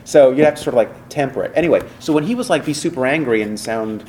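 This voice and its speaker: A man being interviewed as a voice actor, chatting casually and telling animated stories with acted-out quotes and many fillers. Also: mid-range voice, fast, slight background noise. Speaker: voice actor guest.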